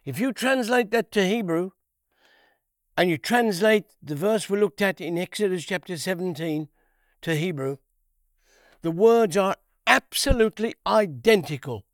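Bible teacher, male, high voice, dry close sound, unhurried, repeats himself for emphasis. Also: dry recording. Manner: unhurried, repeats key phrases, asks rhetorical questions.

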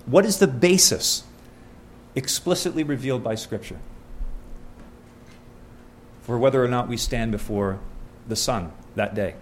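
A man's voice: mid-range voice, measured pace, long pauses, a little hiss or hum. Earnest male preacher quizzing his congregation. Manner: asks the congregation questions, earnest and conversational. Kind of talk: sermon with scripture reading.

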